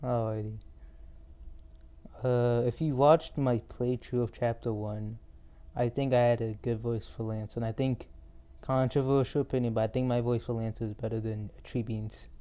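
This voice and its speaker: A man's voice: mid-range voice, steady tone, moderate pace, mellow. A teenage male podcast host in casual chat, rambling and teasing, often losing his thread mid-sentence.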